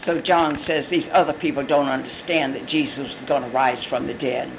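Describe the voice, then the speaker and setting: A Bible teacher explaining scripture in a conversational, expressive sermon style. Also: medium pitch, normal speed, a little hiss or hum, rough recording. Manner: conversational, expressive, acts out quotes. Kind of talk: sermon commentary.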